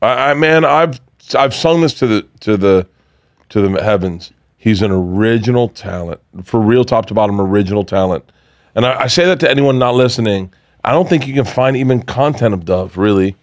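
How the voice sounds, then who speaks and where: A man's voice: on the low side, moderate pace, dry recording, clean studio sound. A middle-aged man, a guest on a podcast, chatting casually and telling stories with laughs and put-on voices for the people he quotes.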